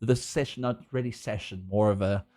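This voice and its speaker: A man's voice: on the low side, normal speed. A young South African man streaming a game, ranting in casual, profane, laughing chat. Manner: animated, profane, laughing rants.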